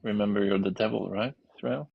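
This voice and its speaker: A man joins a casual live stream as a co-host in an upbeat, chatty way. His voice sits somewhat low, with a husky, gravelly texture. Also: steady tone, a little fast, no room sound, dull audio.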